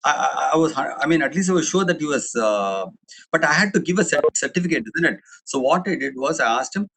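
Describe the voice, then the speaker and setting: A man's voice: a little high, expressive, brisk, gravelly, noisy background. A middle-aged man with an Indian English accent giving a chatty, digressive webinar talk, full of restarts and fillers. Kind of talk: anecdotal public talk.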